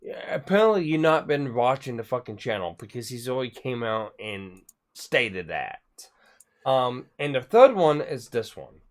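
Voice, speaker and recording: Stammering casual male streamer. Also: medium pitch. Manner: rambling, stammering restarts, swears casually. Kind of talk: casual livestream chat.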